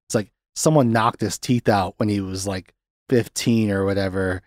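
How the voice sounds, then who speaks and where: A man's voice: lowish voice, moderate pace, no echo, studio quality. A man hosting a casual film podcast, laughing often and acting out lines as he goes. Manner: animated, laughs often, acts out quotes. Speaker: podcast host.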